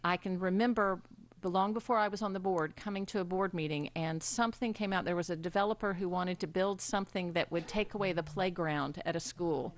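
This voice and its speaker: A woman presiding over a school board meeting, giving a formal tribute speech with many pauses and ums. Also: fairly low pitch, steady tone, dry recording. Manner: warm halting delivery with frequent ums. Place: public meeting room.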